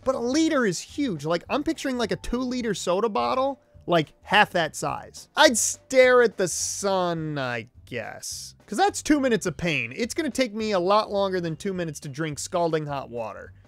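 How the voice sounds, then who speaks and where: A man's voice: high voice, very animated, moderate pace, creaky, hardly any pauses, fairly bright tone, no echo, faint music behind. Rambling, swearing young man host. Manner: rambling, swearing, self-mocking. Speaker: YouTube host. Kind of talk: casual solo commentary. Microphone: desk mic, close.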